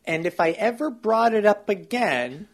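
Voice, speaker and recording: Meek little deputy mayor guy, a man putting it on, drawls slow, pitch swoops all over. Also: expressive, exaggerated voice. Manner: meek, hesitant, eager to please. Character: timid, slow-talking male deputy mayor. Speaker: improv guest. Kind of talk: improvised comedy character.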